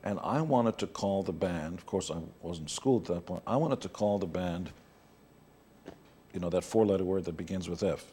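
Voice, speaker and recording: A man's voice: sits low, normal speed, warm tone, slight background noise. A middle-aged man from New York, an interview guest telling candid stories in a blunt, wry way. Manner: blunt, wry anecdotes with playful put-on voices.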